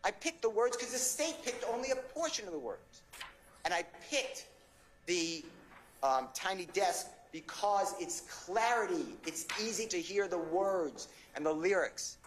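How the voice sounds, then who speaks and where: A male defense attorney pleads with a judge, impassioned and insistent, his high-pitched voice carrying lively intonation at a slightly slow pace. The courtroom recording is echoey, with faint ambience and a little background noise.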